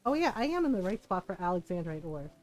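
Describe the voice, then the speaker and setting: A woman with a lowish voice talks quickly, her pitch swinging widely, as she chats through a game live stream. She tells casual stories and acts out family quotes along the way.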